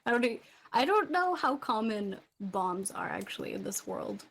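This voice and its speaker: A woman running a tabletop game, narrating in a loose, casual way. She laughs often and fills pauses with "uh.". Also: medium pitch, very animated, gravelly, fairly bright tone, husky. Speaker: game master.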